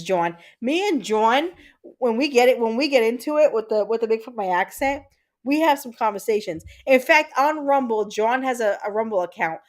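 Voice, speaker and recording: A woman in her thirties with a Puerto Rican accent, hosting a casual livestream and chatting with viewers, reading comments aloud and rambling with fillers. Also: fairly high pitch. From Puerto Rico. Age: 30s. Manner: chatty, reads out chat comments, frequent fillers and repeats. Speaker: livestream host.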